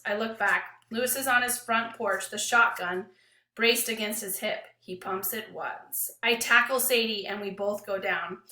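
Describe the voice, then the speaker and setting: A woman teacher reading a novel aloud to her class with an expressive, dramatic delivery. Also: mid-range voice, roomy sound.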